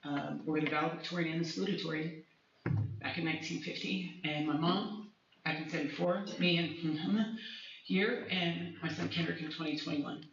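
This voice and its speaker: A woman music teacher with a deep, somewhat bright voice gives an emotional speech at a school community meeting, rambling personally and restarting her sentences. She's recorded from far off in an echoey hall, the sound dull with slight background noise.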